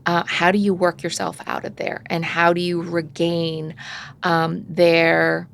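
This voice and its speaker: Gravelly-voiced woman giving parenting advice. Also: fairly low pitch, little pitch movement, unhurried, slight background noise. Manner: conversational, acts out parent and child voices. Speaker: parenting podcast guest expert. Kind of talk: casual advice chat.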